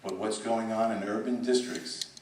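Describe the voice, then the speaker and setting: Middle-aged man, superintendent, emphatic conference speech, lowish voice, echoey hall, far from mic. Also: fairly even intonation, normal speed, noisy background. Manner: emphatic, repeats words and restarts. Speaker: school superintendent. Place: conference room.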